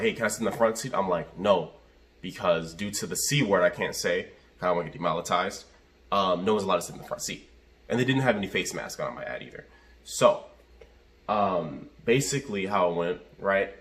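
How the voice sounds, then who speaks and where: A man with a somewhat low voice tells a story in a casual vlog style. He rambles and circles back, heavy on fillers. He speaks from inside his car. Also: a bit bright. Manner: rambling, repeats himself, lots of fillers. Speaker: rideshare driver and vlogger.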